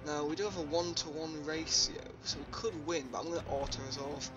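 A man's voice: a little high, steady tone, fairly quick, muffled recording. A young man casually commenting on his gameplay, rambling with lots of ums and uhs. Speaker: let's play host. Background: game music.

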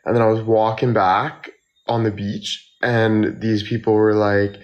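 A young man chatting casually on a phone livestream, tired and tipsy from drinking, rambling slowly with lots of fillers. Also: lowish voice, flat delivery, dull audio. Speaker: model and livestreamer.

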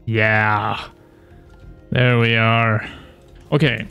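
A young man casually commentating his strategy game, animated and taunting, swearing as he plays. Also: on the low side, extremely slow, gravelly, lo-fi sound, faint music behind. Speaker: gaming YouTuber.

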